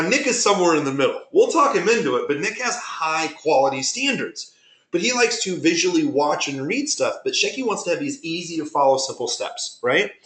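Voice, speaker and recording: A man presenting a webinar, telling business stories in an animated way and acting out conversations he had. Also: on the high side. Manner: animated, retells conversations with quoted dialogue. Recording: roomy echo.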